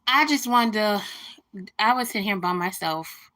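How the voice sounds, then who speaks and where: Woman livestreaming, bright voice, fired up and ranting about a rude comment, saying hi to chat between rants. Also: mid-range voice, expressive, normal speed. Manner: indignant venting, greets viewers between rants. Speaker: livestream host.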